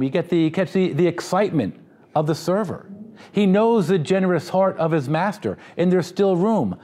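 A man's voice: on the high side, big pitch swings, moderate pace, mellow. A man preaching a sermon in a conversational, humorous style, with asides to the congregation. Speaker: pastor.

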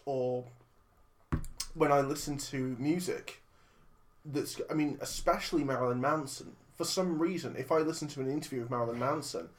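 A man co-hosting a casual film podcast, talking in a rambling way and often correcting himself mid-sentence. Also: medium pitch. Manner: rambling, self-correcting, laughs easily. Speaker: podcast co-host. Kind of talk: casual film review chat. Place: lives in Liverpool, not local accent.

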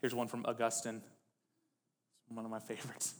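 Male pastor, mid-pitch, sermon with building intensity; long church reverb. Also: completely flat delivery, moderate pace. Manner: reads quotes with rising intensity, conversational asides.

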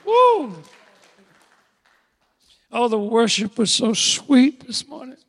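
Older male pastor, high voice, dramatic sermon delivery, loud-to-hushed swings. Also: measured pace, vocal fry, a faint crowd. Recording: long echoing hall reverb.

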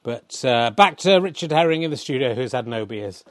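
A man hosting and commentating his own comic snooker tournament in an excitable, sweary, self-mocking way. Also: medium pitch, normal speed.

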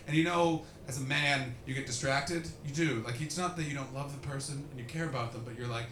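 A man doing stand-up comedy, loudly and profanely teasing audience members. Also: mid-range voice, fairly quick, hardly any pauses, noisy background. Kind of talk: stand-up crowd work. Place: comedy club before a live audience. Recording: echoey club with loud crowd.

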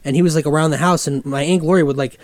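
A man's voice: a little high, steady tone, rapid-fire, dry recording. A man from Michigan co-hosting a podcast, telling a rambling, profane, self-mocking story in a casual comedic way. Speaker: podcast co-host.

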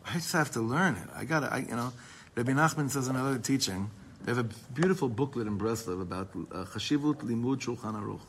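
Rabbi guy teaching a lively class, punchy and emphatic, throws in hebrew words, bit of hiss. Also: mid-range voice, fast. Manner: emphatic, mixes Hebrew terms into English speech.

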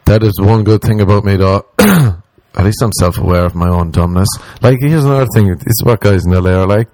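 Male comic, low-set voice, exasperated profane rant with mocking impressions. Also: fairly quick, noisy background. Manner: profane, exasperated, mimics people in quoted voices. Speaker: comedian.

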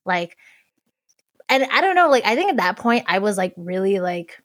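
A woman's voice: mid-range voice, sing-song, moderate pace, fairly bright tone, dry recording, clean studio sound. A young woman who volunteered on a campaign, chatting casually and rambling with lots of filler words. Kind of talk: casual chat.

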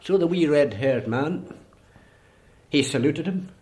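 A man's voice: a little high, lively intonation, slow, pauses often, a little mellow. A man with a Donegal accent telling a traditional fairy story, peppered with "he says" and local turns of phrase. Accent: Irish (Donegal). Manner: rambling, repetitive "he says". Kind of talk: folk storytelling.

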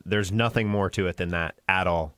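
A man speaking as a radio show guest, answering in a deadpan, dismissive way. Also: sits low, moderate pace, dry recording. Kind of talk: casual talk radio discussion.

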